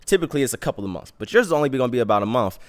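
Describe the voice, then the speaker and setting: A man voicing a laid-back, unbothered male guide who explains things calmly and matter-of-factly. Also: mid-range voice, rapid-fire, natural voice. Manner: calm, matter-of-fact explaining.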